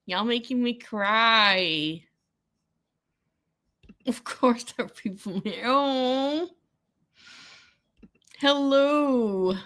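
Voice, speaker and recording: A woman's voice: a little high, a bit bright. A woman hosting a casual livestream, chatting with viewers, giggling often and greeting people by name. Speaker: livestream host.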